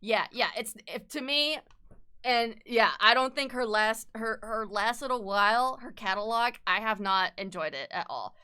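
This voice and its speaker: Bright chatty young woman streamer. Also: on the high side, lively intonation, normal speed, smooth. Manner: rambling, chatty, swears casually, laughs often. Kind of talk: casual live-stream chat while drawing.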